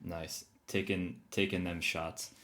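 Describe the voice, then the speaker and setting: A man's voice: low-pitched, flat delivery, takes it slowly, fairly bright tone. A man co-hosting a podcast, playful and chatty, full of fillers as he leads the talk. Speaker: podcast co-host. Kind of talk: casual podcast chat.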